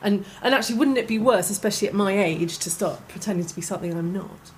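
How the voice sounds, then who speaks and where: A middle-aged woman with a posh English accent, a stand-up comedian chatting as a guest in an animated, self-deprecating way, often restarting and laughing. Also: mid-range voice, fast talker, a little hiss or hum, low-quality recording. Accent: posh southern English. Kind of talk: casual chat.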